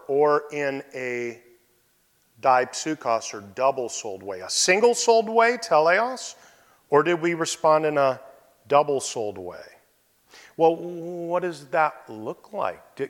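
A male pastor delivering a sermon in a church sanctuary, his mid-pitched voice carrying a long hall reverb. He preaches expressively, pushing up for emphasis and then dropping to quiet, intimate asides.

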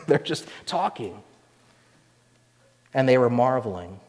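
A man preaching a sermon as pastor, animated and acting out the voices he quotes. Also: medium pitch, moderate pace, pauses often, in a large hall.

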